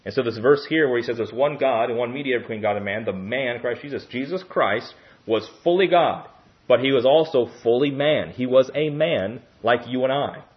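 A man's voice: medium pitch, moderate pace, muffled recording. A man preaching a Bible-teaching sermon in a teacherly way, often checking in with "okay?".

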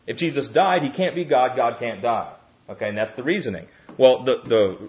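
A man's voice: medium pitch, highs cut off. A man preaching a Bible-teaching sermon in a teacherly way, often checking in with "okay?".

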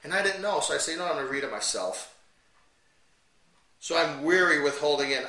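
A man's voice: a little high, pushed and bright, echoey room, recorded from a distance, rough recording. Fiery man preaching a Bible lesson. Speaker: Bible teacher.

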